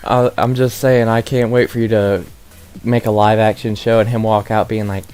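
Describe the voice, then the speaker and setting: A man's voice: fairly low pitch, level tone, normal speed, a little mellow, clear, resonant tone. A man chatting casually as a stream guest, laughing often and poking fun at himself. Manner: laughs often, self-deprecating. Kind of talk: casual chat. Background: stream music.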